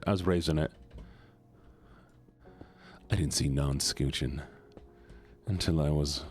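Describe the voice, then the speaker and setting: Playful lively-voiced male streamer. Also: very deep voice, slow pace, long pauses, breathy edge, faint music behind. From US Midwest. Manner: playful, rambling, joking with chat. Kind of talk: casual live-stream chat while gaming.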